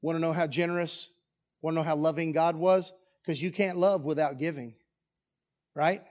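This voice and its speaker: High-voiced pastor preaching emphatically. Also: male voice, steady tone, normal speed, a little mellow. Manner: emphatic, rhetorical questions to the congregation. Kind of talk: sermon. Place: church sanctuary.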